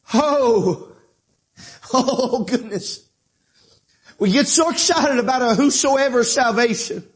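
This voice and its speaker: A preacher, a middle-aged man with a very high voice, working through his points. He slides between folksy asides and fervent, shouted calls to the congregation. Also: slow pace. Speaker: pastor. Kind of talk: sermon.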